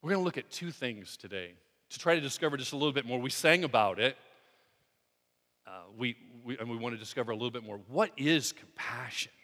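A male pastor preaching a sermon in an earnest, conversational way, often halting and restarting his sentences. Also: medium pitch, expressive, bright, forceful tone. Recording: long hall reverb.

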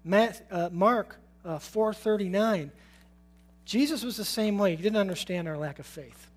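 Speaking at a measured pace in a high voice, a man delivers a casual, conversational sermon, frequently chuckling and putting questions to the audience.

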